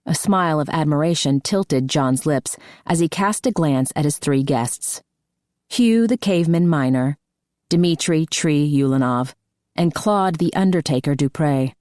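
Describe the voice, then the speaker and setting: Woman narrating an audiobook, low voice, dry booth, steady reading. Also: no echo. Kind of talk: scripted narration.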